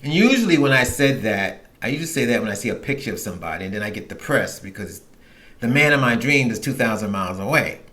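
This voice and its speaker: A middle-aged man tells a candid personal story on his own show, rambling and restarting as he goes. His voice is bright and forward, and his pitch swings widely. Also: big pitch swings, quick pace. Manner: frank, rambling, with many restarts and quoted asides. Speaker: podcast host.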